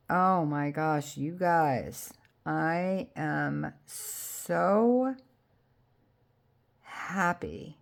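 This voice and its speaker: A woman hosting a crafting vlog, chatting excitedly to viewers about her projects and apologizing with a laugh when she bumps the camera. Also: low-pitched, vocal fry. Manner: gushing, excitable, talks to viewers while handling crafts; self-deprecating, apologetic asides. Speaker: crafting channel host. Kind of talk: casual crafting vlog chat.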